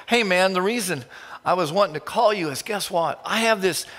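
A man's voice: sits high, moderate pace, fairly bright tone, big-room sound, voice pushed up. Man putting on an eager, chummy caller. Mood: excited. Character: excited man phoning a friend about a new problem.

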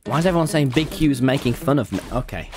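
Guy streaming games, loud swearing rants, voice jumps all over, music going behind. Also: mid-range voice. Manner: loud, excitable, swearing, rapid-fire ranting. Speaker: gaming streamer. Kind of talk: casual gaming voice chat. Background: background music.

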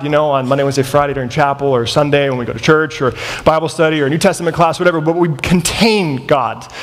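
Thirties male chapel speaker, storytelling sermon, lively delivery, long chapel-hall reverb. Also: medium pitch, a little hiss or hum. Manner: animated, acts out the dialogue in his stories. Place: large college chapel.

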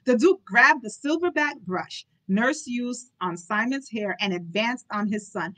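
A woman's voice: fairly high pitch, lively intonation, a little slow, fairly bright tone, low-quality recording. A woman hosting a live book club, reading aloud and breaking off for chatty, giggly commentary. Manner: giggly, chatty, apologetic asides.

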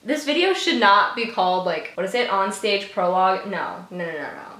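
A woman's voice: mid-range voice, animated, normal speed, a bit bright. A woman reacting to a music video, gushing, giggling and talking to herself. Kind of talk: excitable reaction commentary. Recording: echoey room with music playing. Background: music video playing.

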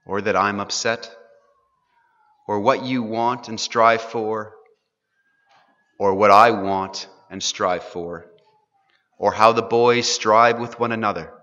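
A man voicing an aged, resigned patriarch father who speaks softly and slowly, dropping to a hush. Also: on the low side. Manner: soft, slow, falling to a hush. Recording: dull, echoey hall recording.

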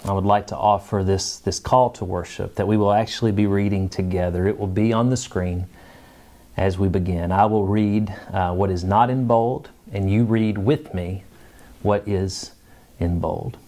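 A man leading a responsive call to worship with a slow, measured reading. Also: low-pitched, fairly even intonation, dark tone. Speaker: worship leader.

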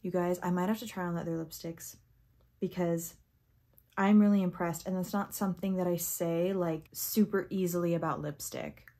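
A young woman reviewing makeup on camera, chatty and easily excited, sometimes reading product text aloud and tripping over words. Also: lowish voice, normal speed. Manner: chatty and excitable, gasping at swatches. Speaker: beauty vlogger. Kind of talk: casual first-impressions makeup review.

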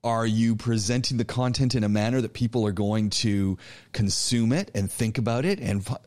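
A man teaching an online public speaking class, lecturing in an animated, coaching way with frequent restarts. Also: mid-range voice, moderate pace. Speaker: college public speaking instructor.

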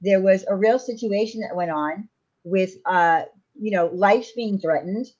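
A woman's voice: mid-range voice, unhurried, darkish tone, muffled recording. A woman guest on a livestream panel, explaining things in a matter-of-fact way over a video call. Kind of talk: casual livestream chat.

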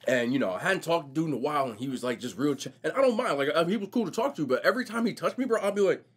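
A young man vlogging casually while eating, telling stories in a slangy, animated way. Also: on the high side, rapid-fire, slightly rough. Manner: animated, slangy storytelling, says bro a lot. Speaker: mukbang vlogger.

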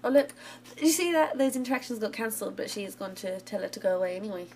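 With game music in the background, a woman runs a gaming channel and chats through a life-simulation game in casual let's play style, giggling and rooting for the characters. She talks at a racing pace in a medium-pitched, darkish voice, and there's a little hiss or hum on the recording.

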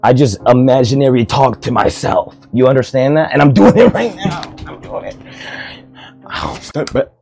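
A man's voice: mid-range voice, normal speed, vocal fry, a little mellow, breathy edge, soft background music. A young man hosting his own comedy vlog, rambling goofily and talking to himself. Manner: goofy, rambling self-talk. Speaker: host.

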